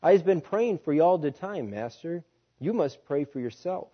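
A man's voice: fairly high pitch, expressive, normal speed, slightly rough, pitched above the performer's own voice. A man voicing a humble, devoted male field worker who preaches, speaking in an earnest, pleading folksy dialect, on a dull lo-fi recording. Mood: gentle.

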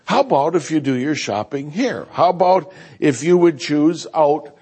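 A man preaching a sermon as a visiting preacher, folksy and animated, joking and mimicking other people's voices. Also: a little high, moderate pace, husky. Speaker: guest preacher.

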